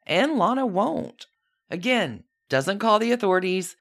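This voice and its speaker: Chatty storyteller with a lively pitch. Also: unhurried. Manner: chatty, with wry personal asides. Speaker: podcast host. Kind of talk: casual true-crime storytelling.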